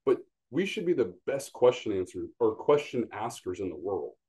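A man's voice: on the low side, sing-song, normal speed, mellow. A man, a sales manager talking bluntly and animatedly as a podcast guest, acting out quotes as he tells stories. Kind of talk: casual podcast conversation.

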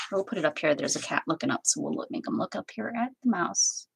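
A woman's voice: medium pitch, lively intonation, quick pace, creaky, hardly any pauses, fairly bright tone, husky, poor audio. A woman hosting a crafting livestream, chatting casually to herself and her viewers as she stamps, with playful sing-song asides. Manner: chatty, talks to herself and to live chat, playful made-up sing-song bits.

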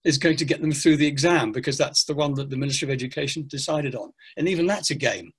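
An older man, a teacher trainer, speaking in an online interview with animated, hesitant explanations full of fillers. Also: fairly high pitch, fast talker, husky.

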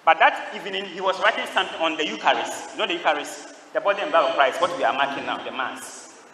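Man, priest, homily, call-and-response, bright forceful voice, distant mic, echoey church. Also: a little high, fast, slight background noise. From Ghana. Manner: call-and-response preaching, quizzing the congregation. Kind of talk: homily at a youth Mass. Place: large church.

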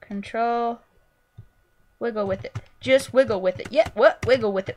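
A young woman commentating her own gameplay, goofy and excitable, yelping and squealing at what happens on screen. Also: fairly high pitch, moderate pace, very noisy. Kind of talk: let's play commentary.

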